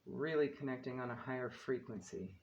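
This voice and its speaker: A man in a spiritual card-reading video, reading uplifting guidance in a calm, encouraging way. His voice sits at an ordinary middle pitch, with casual asides to the viewer and a faint low rumble behind him. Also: fairly quick, dull audio. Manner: calm and encouraging, laughs at his own stumbles. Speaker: tarot card reader. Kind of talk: spiritual card reading, reading guidebook text aloud.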